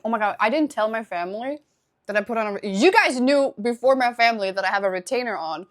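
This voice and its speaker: A young woman with a slightly higher voice talks casually to her stream audience. She is chatty and laughs easily, stopping now and then to thank viewers for their subscriptions. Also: expressive, quick pace. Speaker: live streamer.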